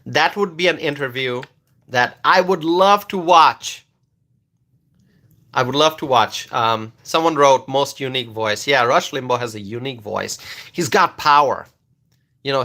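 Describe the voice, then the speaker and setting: A man's voice: mid-range voice, sharp tone. A man hosting a casual political commentary live stream, repeating his points with emphasis and reading viewer comments aloud.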